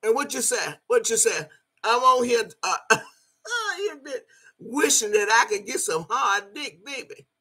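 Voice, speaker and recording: This is an older woman from Alabama with a thick Southern accent, hurling profane insults in a heated livestream rant. Her voice is husky and cutting, with a bright, tense edge that flares into shouting. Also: fairly high pitch, lively intonation, measured pace.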